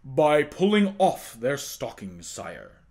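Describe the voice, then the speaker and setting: A man's voice: medium pitch, wildly swooping pitch, slow, a little mellow, pitched below the performer's own voice, heavily acted. A man voicing a deferential male court official answering the king.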